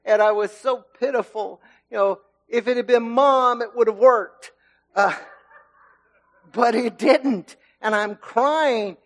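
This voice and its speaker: A middle-aged man giving a sermon, telling a childhood story in a relaxed, conversational way with fillers, then reading scripture. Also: extremely high pitch, slow pace. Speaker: lay preacher.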